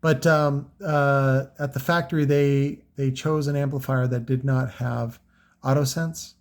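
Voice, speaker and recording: Speaking unhurriedly at medium pitch with fairly even intonation, a man who sells car audio equipment reviews his products off the cuff. He rambles, using plenty of fillers and profanity.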